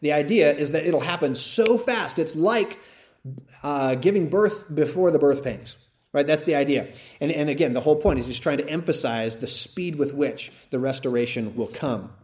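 A man's voice: a little high, normal speed, a little mellow. A man teaching through a Bible passage to a live audience, talking conversationally and often checking in with "right?" and "all right?".

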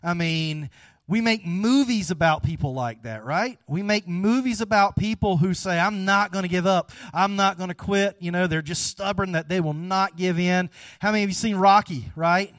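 In a church sanctuary, a pastor delivers a relaxed, folksy sermon, chatting with the congregation before building to animated emphasis. His voice sits a little high for a man, his pace is normal, and the sound is dry with little room echo.

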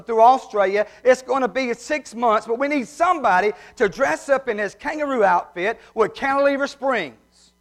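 A man voicing a matter-of-fact zoo administrator, explaining bluntly. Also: very high-pitched.

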